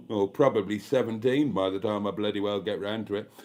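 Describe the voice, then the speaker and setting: A man's voice: on the low side, steady tone, fairly quick, darkish tone. A man from Britain hosting a casual live stream, reading out viewer comments in a chatty, self-mocking, camp way. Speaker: YouTube live stream host. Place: indoors at home.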